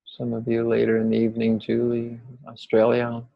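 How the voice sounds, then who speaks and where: A man hosting a gentle spiritual talk over a video call, laughing often and speaking in slow, reflective phrases. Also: mid-range voice, monotone, gravelly, no room sound, highs cut off. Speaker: spiritual teacher hosting an online gathering. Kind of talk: casual chat, then gentle spiritual talk.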